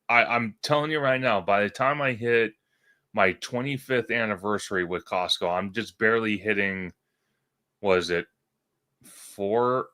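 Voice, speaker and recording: A man co-hosting a casual livestream chat, agreeing loudly and often tripping over his words. His voice is lowish but bright and forceful. The sound is dry and close. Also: no echo. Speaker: podcast co-host.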